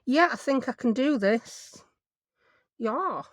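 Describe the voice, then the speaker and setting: A woman's voice: high-pitched, expressive, takes it slowly, no echo, studio quality. Rambling woman, craft vlogger, self-mocking home chatter. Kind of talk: casual chat while crafting.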